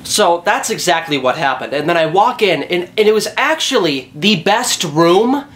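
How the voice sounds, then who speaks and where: Young male vlogger, casual story time, lively and foul-mouthed. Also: high-pitched, normal speed, slight background noise. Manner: animated, profane, jokey storytelling.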